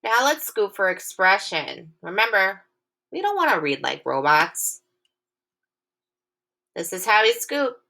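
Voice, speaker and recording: A woman teacher giving a recorded phonics lesson to young children. She is clear, patient and encouraging, and reads the sample sentences slowly and with lots of expression. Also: medium pitch, bright, forceful tone. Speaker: elementary school teacher.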